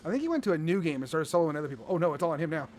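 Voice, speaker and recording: A man with a high, very lively voice calls out his moves as he plays a video game. His commentary is playful and full of exclamations. Faint noise sits under the recording. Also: racing. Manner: playful, animated, exclaiming often. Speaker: gaming video host. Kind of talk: excited gameplay commentary.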